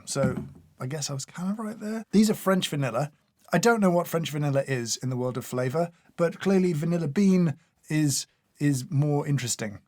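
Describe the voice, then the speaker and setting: Casting: man, fairly high voice, deadpan and opinionated food critic, dry close sound. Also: dry recording. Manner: dry, sarcastic, opinionated, scolds the products directly. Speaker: food taste tester. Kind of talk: casual taste-test commentary.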